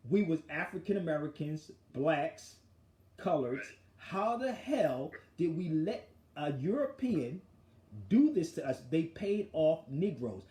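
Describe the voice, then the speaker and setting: A man hosting a talk show, telling the story of an argument in a forceful, animated way. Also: on the high side, unhurried, echoey room. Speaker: show host. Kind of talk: casual street talk storytelling.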